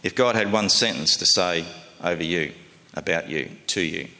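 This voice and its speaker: A man's voice: low voice, moderate pace, sharp tone, in a large hall. A man preaching a sermon in a conversational, folksy way, often asking his listeners questions.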